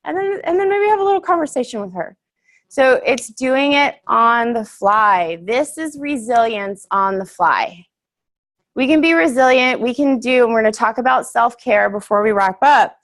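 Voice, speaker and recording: A woman's voice: a little high, lively intonation, normal speed, a bit bright. A young woman giving a casual, earnest workshop talk to a group, chatty and full of fillers, laughing easily.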